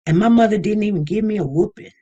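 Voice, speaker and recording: A woman giving casual commentary on a vlog, animated and repeating herself as she mimics other people. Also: medium pitch, fast talker, highs cut off. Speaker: online news commentator.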